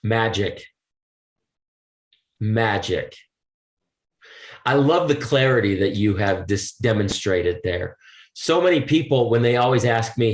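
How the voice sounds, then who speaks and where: A man's voice: on the low side, animated, takes it slowly, pauses often. Guy preaching motivation on a podcast, punchy, rhetorical questions, roomy echo. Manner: forceful, repeats rhetorical questions. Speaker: podcast guest, motivational speaker. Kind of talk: emphatic podcast conversation.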